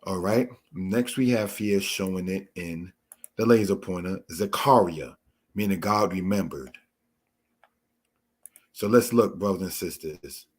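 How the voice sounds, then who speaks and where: A man teaching a Torah lesson, explaining word meanings in a measured way and addressing his listeners as brothers and sisters. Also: sits low, slightly rough. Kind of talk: slow spoken Bible lesson.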